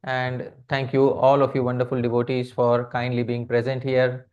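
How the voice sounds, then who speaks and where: A man leads a devotional class on verse, chanting lines slowly and then explaining them. He keeps turning to his listeners as dear devotees and quizzing them. The recording is a bit muffled. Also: mid-range voice, monotone, a little mellow, clean tone. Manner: keeps addressing the audience as dear devotees, asks them questions. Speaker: speaker giving a scripture class. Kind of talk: devotional lecture on poetry.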